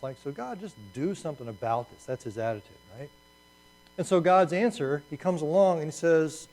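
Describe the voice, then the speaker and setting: Animated, fairly high-voiced male preacher. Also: brisk, low-quality recording. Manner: animated, repeats words as he restarts. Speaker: pastor. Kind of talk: conversational sermon with slides.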